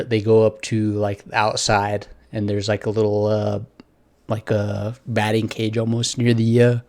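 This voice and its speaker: A man with a slightly low voice talks through an anime episode in a loose, rambling review. He leans on fillers and restarts, tossing in casual swearing as he goes. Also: a little mellow.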